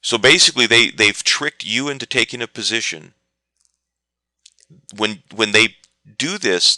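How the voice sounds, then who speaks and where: A man's voice: fairly low pitch, pushed and bright, no echo. A man teaching market trading in a live webinar, telling anecdotes and answering viewer questions. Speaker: trading educator.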